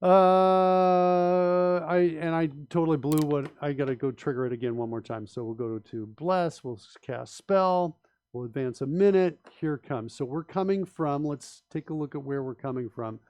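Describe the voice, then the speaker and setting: A man's voice: fairly high pitch, normal speed, a little mellow, dry recording. A man hosting a live coding stream, thinking aloud in an emphatic, opinionated way with frequent restarts and rhetorical questions. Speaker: host and software developer.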